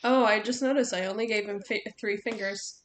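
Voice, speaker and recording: A woman's voice: mid-range voice, fairly even intonation, fairly quick, echoey room. A woman chatting casually while she draws, giggly and blunt and swearing freely. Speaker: streamer drawing while chatting. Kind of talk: casual chat.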